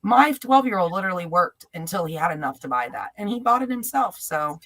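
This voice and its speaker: A woman's voice: lowish voice, animated, a little fast, a bit bright. A middle-aged woman co-hosting a casual chat, telling personal stories in a heartfelt way. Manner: heartfelt storytelling. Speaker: co-host.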